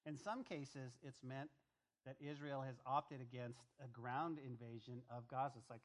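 A pastor delivers a Bible-teaching sermon, addressing his congregation directly with emphatic repeated phrases and a stream of rhetorical questions. His voice is mid-range, with fairly even intonation and a moderate pace.

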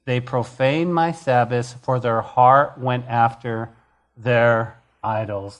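A man's voice: mid-range voice, fairly even intonation, takes it slowly, a bit bright. A man preaching a sermon as pastor, reading scripture and rising to emphatic, passionate preaching.

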